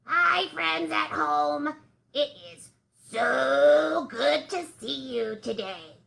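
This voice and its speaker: A squeaky, gravelly fuzzy puppet. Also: female voice, very slow, fairly bright tone, exaggerated voice. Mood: cheerful singsong. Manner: sings a humming tune over and over. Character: fuzzy puppet pal, cheerful, singsongy.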